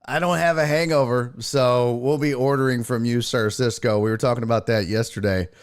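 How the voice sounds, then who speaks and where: A man's voice: medium pitch, steady tone, a little fast, smooth. A man hosting a live stream show, chatting casually and profanely and greeting viewers by name. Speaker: podcast host on a live stream. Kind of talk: casual chat, reading out live chat.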